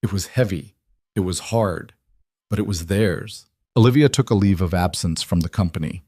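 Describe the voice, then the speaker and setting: A man narrating a family drama story in a steady, unhurried scripted read. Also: deep voice, breathy edge, dry recording, clean studio sound.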